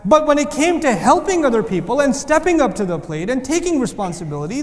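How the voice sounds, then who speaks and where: A man teaching a class of students in a lively, animated lecture, mixing joking asides with emphatic repetition. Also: extremely high pitch, a little fast. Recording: long reverb of a large hall.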